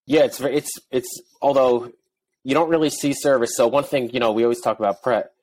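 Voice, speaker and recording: A man's voice: medium pitch, steady tone, brisk, darkish tone. A man co-hosting a casual talk show in an easygoing, agreeable way. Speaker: podcast co-host. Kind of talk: casual chat.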